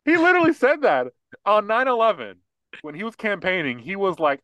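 Male co-host, casual political banter, jokey and sarcastic, very lively pitch. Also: fairly quick, no echo, rough recording. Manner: animated, mocking, joking. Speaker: podcast co-host.

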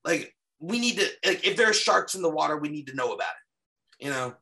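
A man's voice: fairly high pitch, lively intonation, fairly quick, sharp tone. A man who investigates the paranormal, talking through his case footage on a podcast in an earnest, casual way, with a lot of restarts. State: slightly losing his voice.

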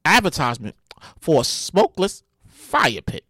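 A man hosting a solo podcast, whose voice swings wildly between low mutters and high yelps. His tone is bright and sharp, and the dry sound carries little room. He talks straight to his listeners, casual and profane, with sudden loud outbursts. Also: no echo. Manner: addresses listeners directly. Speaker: podcast host.

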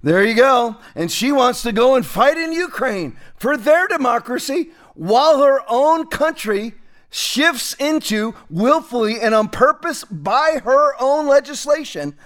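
A man's voice: extremely high pitch, a bit bright. A man hosting a political commentary show, talking in a sarcastic, mocking way.

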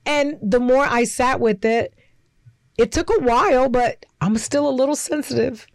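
Over drinks, a co-host with a high-pitched voice shares an open, personal anecdote at a normal speed. She brings in the words of others as she narrates, and the audio has no echo.

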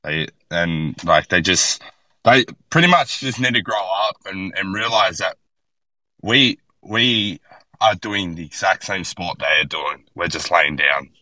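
Bright-toned blunt Australian guy. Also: deep voice, unhurried, dry recording, poor audio. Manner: blunt, profane, animated storytelling. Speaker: podcast guest, bodyboarder. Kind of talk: casual podcast chat.

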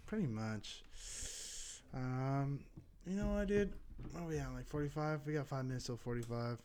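A man's voice: mid-range voice, normal speed, darkish tone, a little hiss or hum. A young man co-hosting a comedy podcast, telling crude rambling stories. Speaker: podcast co-host.

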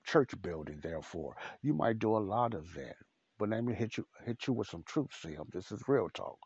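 A man's voice: deep voice, a little mellow, breathy edge, dry recording, lo-fi sound. A man preaching a podcast sermon in a blunt, repetitive, emphatic way.

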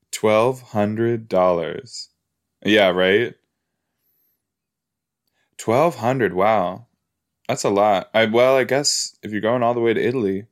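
A man with a lowish voice hosts a podcast and chats casually in reaction to a TV episode, easily amused, gasping and laughing quickly.

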